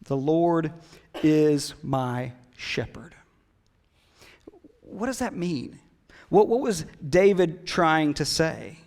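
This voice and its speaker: A man's voice: high-pitched, in a large hall. A man preaching a sermon as pastor, conversational and emphatic, with casual asides. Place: church hall.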